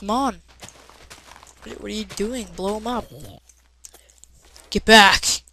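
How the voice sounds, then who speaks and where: A woman giving casual let's-play commentary while playing, rambling with lots of "uh" fillers and breaking into excited shouts. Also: mid-range voice, moderate pace, pauses often, low-quality recording. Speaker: gameplay commentator.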